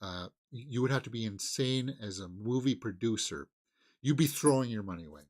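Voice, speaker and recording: A man's voice: mid-range voice, expressive, a little fast, darkish tone, slight background noise. A man hosting a casual movie news channel, talking off the cuff with many fillers, restarts, sighs and chuckles.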